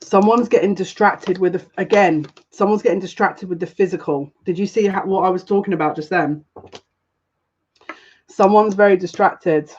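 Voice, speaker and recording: A woman's voice: mid-range voice, normal speed, darkish tone, slightly rough. A woman chats her way through a casual live tarot reading, wandering off on tangents and giggling often. Her voice sits in a middling register. The recording is dull and lo-fi. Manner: chatty, rambling and giggly. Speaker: psychic reader. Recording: dull lo-fi sound.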